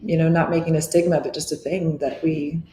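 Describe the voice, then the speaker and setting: Earnest middle-aged woman, low voice. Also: level tone, fairly quick, mellow. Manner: earnest, reflective, restarts often. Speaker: guest. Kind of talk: candid interview talk. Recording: echoey room with faint noise.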